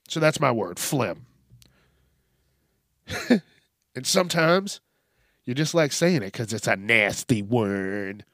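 Solo male podcast host, slow and loose, salty jokester, close dry mic. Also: medium pitch, very animated, fairly bright tone, dry recording. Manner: profane, joking, laughs often.

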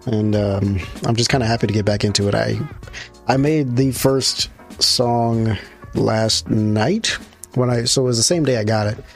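A man hosting his own radio show, talking casually and rambling, restarting his sentences and climbing high in pitch when he gets worked up. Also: steady tone, moderate pace, creaky, faint music behind. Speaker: podcast host.

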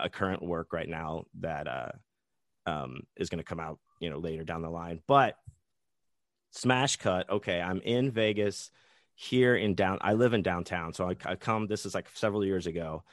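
A man's voice: low-pitched, normal speed, dry recording, clean studio sound. A man guesting on a podcast, telling a rambling, profane anecdote full of restarts and asides.

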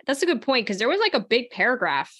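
A woman's voice: on the high side, very animated, quick pace, a bit bright, slightly rough. A woman hosting a podcast in casual chat, rambling and laughing as she talks. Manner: chatty, rambling, laughs often. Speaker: podcast host.

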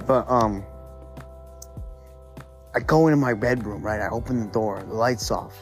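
A man with a fairly low voice recounts a frightening night in loose, rambling podcast talk, swearing often. Faint music sits quietly under his voice. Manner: profane, rambling, conversational. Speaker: podcast host. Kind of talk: casual spooky storytelling.

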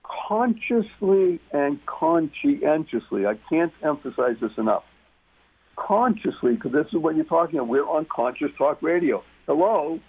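A man's voice: on the high side, expressive, normal speed, slightly rough. A man talking as a guest on a talk radio show, emphatic and repeating key words for stress. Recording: muffled phone-line radio sound.

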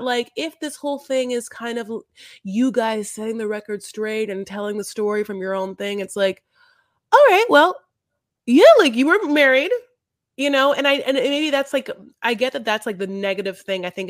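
A woman's voice: fairly high pitch, dry recording, studio quality. A woman co-hosting a podcast, recapping a docuseries in a rambling, casual way full of restarts and fillers. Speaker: podcast co-host. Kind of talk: casual chat.

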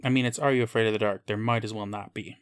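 A man's voice: lowish voice, fairly even intonation, fast, smooth, dry recording. A man co-hosting a casual podcast, adding dry, wry comments. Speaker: podcast co-host.

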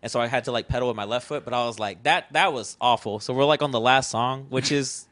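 A man's voice: medium pitch, steady tone, fast, fairly bright tone, dry recording. Man rambling through a story, dry room. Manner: rambling storytelling, swears casually, acts out his own past lines. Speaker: podcast guest, festival founder. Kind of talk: casual chat.

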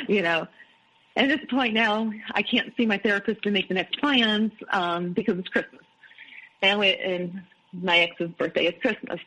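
A woman's voice: mid-range voice, normal speed, sharp tone, low-quality recording. A middle-aged woman, an interview guest, candidly recounting her own experiences and quoting what others said. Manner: candid, recounts events with quoted dialogue. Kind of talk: personal storytelling.

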